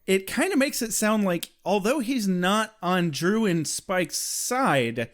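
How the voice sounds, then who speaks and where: A young man in loose, casual conversation, his voice pitched a little above average and very lively in its rise and fall. He talks in an animated way and slips into little performed lines when he retells a scene. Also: slow. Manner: animated, acts out quoted lines. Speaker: podcast co-host. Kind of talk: casual chat.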